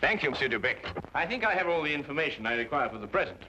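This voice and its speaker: A composed Victorian detective with a British accent, questioning briskly and methodically in a bright, lively voice. The faint hiss of an old TV soundtrack sits behind him. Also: male voice, a little high, poor audio. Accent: British English. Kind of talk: 1950s TV drama acting.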